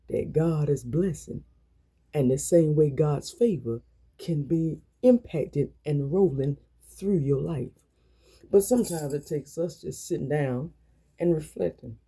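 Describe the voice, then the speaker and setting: Dark husky motivational woman preacher. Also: low voice. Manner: repetitive call-and-response, drawn-out emphatic phrases. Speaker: motivational speaker.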